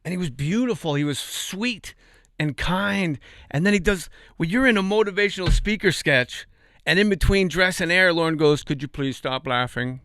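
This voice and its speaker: A man guesting on a podcast, telling comic stories in an animated, profane way, acting out quotes with sudden shouts. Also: high voice, moderate pace, dry recording, studio quality. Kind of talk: comic storytelling in a podcast interview.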